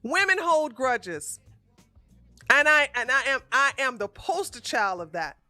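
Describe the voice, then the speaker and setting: A woman giving blunt, profane livestream commentary in a casual, animated way, close to the mic. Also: high-pitched, measured pace, dry recording, faint music behind. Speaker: commentary streamer.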